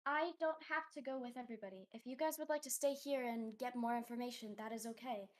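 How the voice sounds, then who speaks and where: A woman's voice: fairly high pitch, quick pace. Easygoing woman at the game table. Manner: apologetic, easygoing. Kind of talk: casual tabletop game chat.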